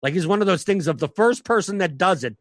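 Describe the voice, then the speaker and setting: Rambling, fast-talking comedian. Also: male voice, high-pitched, lively intonation, fairly bright tone, dry recording. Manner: rambling, fast, many restarts and filler words. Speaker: stand-up comic and professional poker player. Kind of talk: casual podcast conversation.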